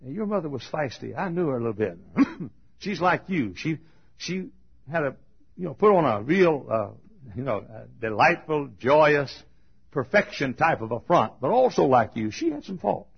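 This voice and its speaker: A man preaching a fiery funeral sermon, swinging from shouted high cries to hushed low tones and laughing between phrases, in a dull lo-fi recording. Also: very animated, normal speed, creaky, slightly rough.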